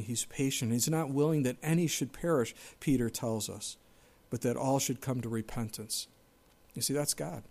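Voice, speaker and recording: A male pastor delivers a sermon with a voice of ordinary, middling pitch. He is emphatic and fires rhetorical questions at his listeners. He swings from raised, insistent lines to quiet, hushed remarks.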